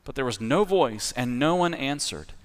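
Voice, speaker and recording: A man preaching a sermon as pastor. He talks in a conversational, animated way, telling the story with everyday fillers. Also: medium pitch, normal speed. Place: church sanctuary. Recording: long reverb of a large hall.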